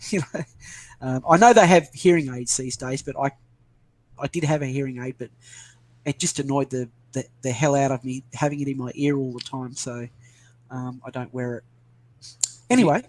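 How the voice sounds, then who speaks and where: A man's voice: mid-range voice, moderate pace, long pauses. An older Australian man chatting casually, rambling and self-deprecating with many restarts. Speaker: interviewee. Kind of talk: casual video call chat.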